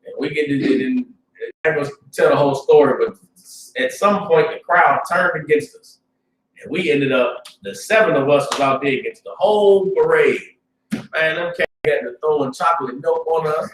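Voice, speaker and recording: A man teaching a religious class in an informal, streetwise preaching style, often asking "you understand?" and swinging between low, muttered asides and loud bursts. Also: distant mic, a little hiss or hum. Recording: roomy sound, speaker away from the mic.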